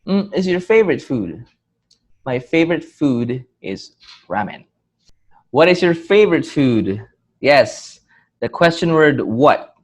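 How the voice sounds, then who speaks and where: A man teaching an English grammar lesson, speaking clearly and patiently and acting out example questions with marked rising and falling intonation. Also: mid-range voice, sing-song, takes it slowly.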